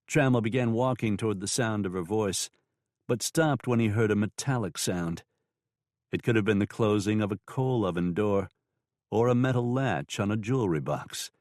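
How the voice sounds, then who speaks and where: Guy reading a western audiobook, lowish voice, dry close sound. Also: a little mellow, dry recording. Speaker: audiobook narrator. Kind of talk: scripted western narration.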